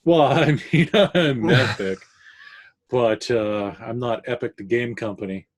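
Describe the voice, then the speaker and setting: A man from Canada co-hosting a casual gaming podcast, always ready with a joke or a silly aside. His voice is animated, with pitch jumping widely as he talks. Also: moderate pace. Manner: joking, playful, makes silly noises. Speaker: podcast co-host. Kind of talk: casual chat.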